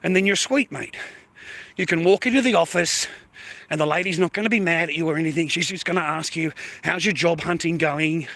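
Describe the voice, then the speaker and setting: A man's voice: on the high side, brisk, a bit bright, no room sound. A man with an Australian accent, livestreaming a casual outdoor monologue, blunt and sweary, tagging his sentences with "mate" and "bro". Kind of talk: casual live stream monologue. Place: outdoors near neighbourhood shops.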